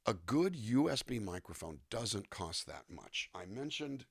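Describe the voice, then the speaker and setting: Deep husky guy, voice actor chatting, dry close sound. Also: unhurried, dry recording. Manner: animated, demonstrates line readings and accents. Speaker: guest voice actor and musician. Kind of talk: conversational interview.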